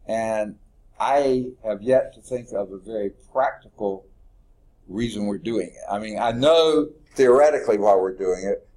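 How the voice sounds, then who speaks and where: A man's voice: lowish voice, mellow. A middle-aged man, teaching a math class in an informal, folksy way and thinking aloud as he corrects himself. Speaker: math instructor. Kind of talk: classroom lecture.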